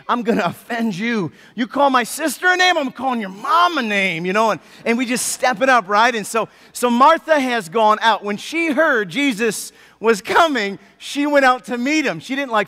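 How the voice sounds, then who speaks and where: Bright high-voiced pastor preaching. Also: male voice, big-room sound. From United States. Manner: animated storytelling, acts out the people in the story. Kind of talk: sermon. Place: church sanctuary.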